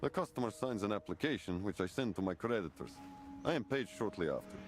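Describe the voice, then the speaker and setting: A man's voice: on the low side, expressive, fast, natural voice. A man voicing a suave, florid fashion dealer. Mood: polished. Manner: flowery, formal, courteous phrasing. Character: smooth-talking male fashion dealer, genteel and evasive. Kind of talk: video game character dialogue. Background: game music.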